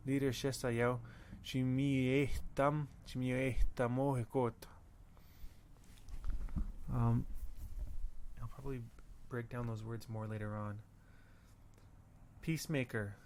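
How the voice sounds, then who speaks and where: A man teaching a language lesson, slowly repeating words and pausing to think. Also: mid-range voice, little pitch movement, a little mellow, a little hiss or hum. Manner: slow, careful, repeats words with pauses. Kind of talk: recorded audio lesson.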